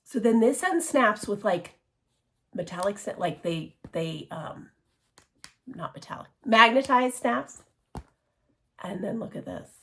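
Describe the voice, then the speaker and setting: A woman chatting casually in a show-and-tell craft vlog, gushing and excitable, with many restarts and laughs. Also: medium pitch, unhurried, long pauses, slightly rough. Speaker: cross-stitch vlogger.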